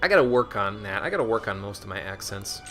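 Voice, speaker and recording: A man gives casual commentary while streaming a game, answering chat and laughing at himself. His voice is bright and his pitch moves a lot. Faint game music runs underneath. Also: big pitch swings, fast talker. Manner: chatty, answers chat, self-deprecating with restarts.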